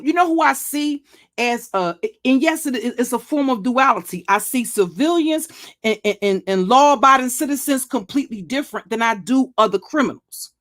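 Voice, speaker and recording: Older woman, pitch a bit high, profane, threatening, restarts and stammers. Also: a bit bright. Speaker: YouTube commentary channel host. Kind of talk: blunt monologue vlog.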